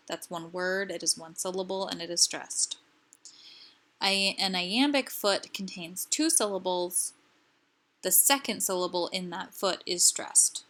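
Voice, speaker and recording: A woman presenting a recorded slide lecture on a language's stress rules, explaining in a clear, patient way. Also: fairly low pitch, fairly bright tone.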